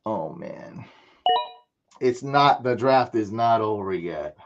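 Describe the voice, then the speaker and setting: Excitable young man streaming his draft. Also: lowish voice, takes it slowly, muffled recording. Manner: excitable, hypes his picks with loud outbursts, repeats himself. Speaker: fantasy football streamer drafting live. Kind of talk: casual live-stream reaction chat.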